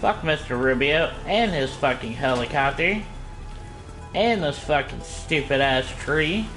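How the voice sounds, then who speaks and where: A man from Iowa swearing heavily and yelling at the game as he plays and comments. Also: on the high side, animated, a little slow, soft background music. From Iowa, United States. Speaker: gamer streaming gameplay. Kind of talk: frustrated gameplay commentary.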